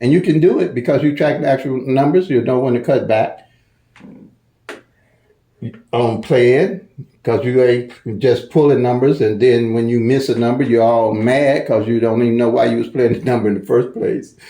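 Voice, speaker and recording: A man's voice: mid-range voice, normal speed, dark tone, roomy sound. A man with a St. Louis accent explains a lottery number system in a casual, folksy way, repeating himself and stumbling over restarts. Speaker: lottery strategy channel host. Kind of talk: casual tutorial talk.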